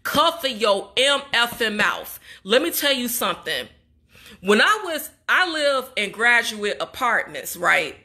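A young woman from Chicago speaks in a casual vlog, upset and hurt as she talks straight to her viewers. Her voice sits a bit high, with a bright, forceful tone. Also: big pitch swings, takes it slowly. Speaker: vlogger and graduate student. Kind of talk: casual emotional vlog monologue.

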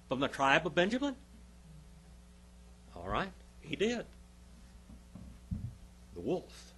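A man's voice: fairly high pitch, wildly swooping pitch, takes it slowly, pauses often, bright, forceful tone, husky. A male pastor teaching a Bible class, emphatic, stopping often to quiz his listeners with questions.

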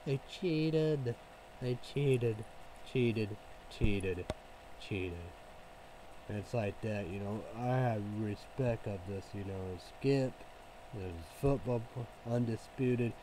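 A man's voice: fairly low pitch, slow pace, background noise. A man ranting casually as a vlogger, rambling and profane, leaning on "you know" as filler.

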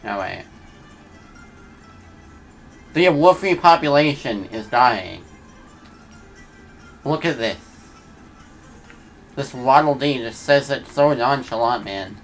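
Chill guy streaming a game, kinda gravelly voice, jokey asides, soft music behind. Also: medium pitch, expressive, slow pace, long pauses. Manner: laid-back, joking asides to chat. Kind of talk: casual let's-play commentary.

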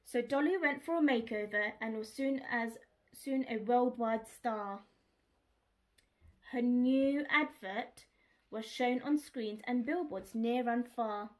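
A woman reading a children's picture book aloud, expressive and speaking to young listeners. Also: a little high, takes it slowly. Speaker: storyteller.

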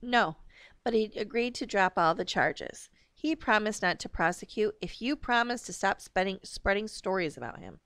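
A woman's voice: medium pitch, lively intonation, normal speed, fairly bright tone, no echo, clean studio sound. A woman reading aloud, voicing a stern mother who speaks tersely and crossly. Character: stern, exasperated mother, calm and curt.

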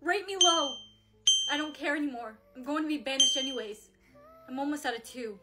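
A young woman with a high voice delivers scripted comedy lines. She sounds melodramatic and quick to defend herself. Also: very noisy. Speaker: main character in comedy skits.

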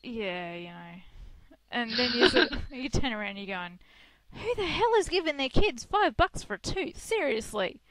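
A woman's voice: on the high side, sing-song, moderate pace, a bit bright, dry recording. A woman, co-hosting a casual internet radio chat and telling stories with frequent laughter. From Australia. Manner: chatty storyteller, laughs often. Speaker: co-host.

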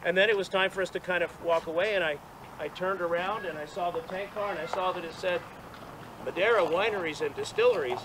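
A man's voice: high voice, a little fast, a crowd in the background, rough recording. A man giving a rambling, self-deprecating story as a speech at an outdoor dedication, with restarts and laughs. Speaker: speaker at monument dedication. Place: outdoors at a gathering.

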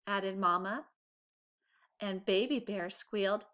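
A woman teacher reading a children's picture book aloud in an expressive storytelling voice. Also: mid-range voice, takes it slowly.

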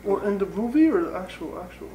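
A high-pitched, excitable man with a voice that swings up and down as he jokes around with his friends. His voice rings in an echoey room, with soft music running underneath. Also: fast talker, slight background noise. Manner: playful, jokey, excitable. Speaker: co-host of a reaction channel. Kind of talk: casual chat.

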